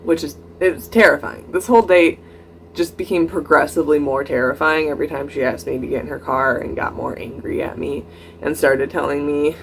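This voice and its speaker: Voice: brisk, gravelly, a little hiss or hum. Young adult vlogger telling a storytime. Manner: animated retelling, acting out both sides of dialogue with rising pitch; frequent "like" and "I'm like" quotative fillers. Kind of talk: casual storytime vlog.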